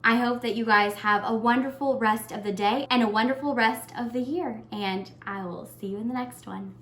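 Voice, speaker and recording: A young adult woman vlogging, earnest and heartfelt, talking warmly to her viewers and getting emotional. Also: on the high side, moderate pace, reverberant, background noise. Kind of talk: casual year-end tag vlog.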